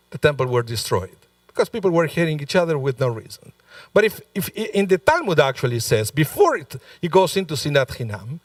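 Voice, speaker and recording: A male rabbi gives a sermon in a chatty, storytelling way, often turning to the listeners with asides. His voice sits a little high, and it is caught dry from a distant microphone. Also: no room sound. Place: synagogue sanctuary.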